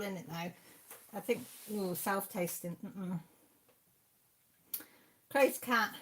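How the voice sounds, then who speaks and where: A Welsh woman in her sixties with a mid-range voice hosts a channel's live stream. She chats casually and reads viewer comments aloud in a rambling, friendly way.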